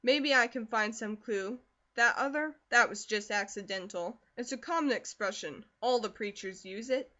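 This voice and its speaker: A gruff, protective older country uncle, voiced by a woman narrator, reassures with firm emphasis. The recording sounds dull and lo-fi. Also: on the high side, normal speed, sharp tone.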